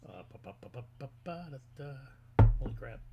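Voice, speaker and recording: A man's voice: medium pitch, very animated, quick pace, loud music behind the voice. A middle-aged man hosting a casual live stream, rambling in a friendly way and greeting his viewers by name.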